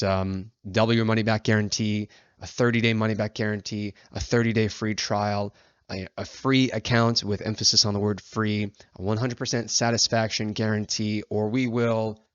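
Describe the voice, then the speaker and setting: Chatty low-voiced man teaching. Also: dry recording, lo-fi sound. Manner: chatty, many fillers, acts out example lines. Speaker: agency founder teaching copywriting. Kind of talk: casual instructional talk.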